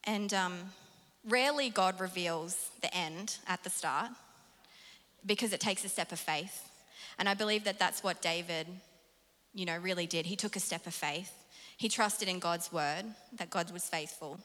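Woman, sermon, bright voice, animated, reverb of a large hall. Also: on the low side, moderate pace. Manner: animated, self-mocking, laughs often. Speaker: preacher. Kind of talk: sermon with personal story.

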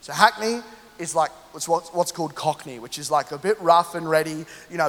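A man in his thirties from London, a pastor telling an animated, humorous story during a sermon and speaking straight to the congregation. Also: on the high side, moderate pace. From London, England. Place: church hall. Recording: long hall reverb.

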